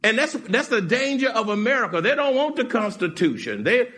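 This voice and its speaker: A man preaching a sermon with a high, lively voice that leaps up and drops down. He moves from shouting to hushed asides and laughs often. His has a sound. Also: a little fast. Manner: animated preaching, swings from shouts to near-whispers, laughs often. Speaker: pastor.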